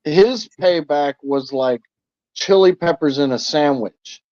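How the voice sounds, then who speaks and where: A man chiming into a casual chat with animated interjections. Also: fairly high pitch, measured pace, no echo. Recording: dull, muffled dry sound.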